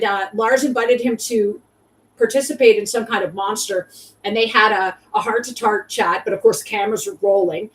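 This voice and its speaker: Woman podcast host ranting and swearing, rambly, kinda high voice, bit far from mic. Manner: ranting, profane, rambling with fillers. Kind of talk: casual chat.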